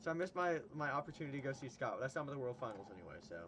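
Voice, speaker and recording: A man's voice: mid-range voice, animated, racing, a bit bright, a little hiss or hum. A young man hosting a casual livestream, chatting with a guest, laughing often and retelling stories. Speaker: stream host.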